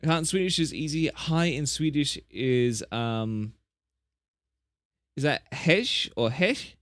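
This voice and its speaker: A man's voice: on the high side, expressive, slow pace, a bit bright, no echo, clean studio sound. A young man chatting casually on a live stream, rambling and correcting himself as he tells animal stories. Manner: rambling, chatty, self-correcting, plays up tall tales.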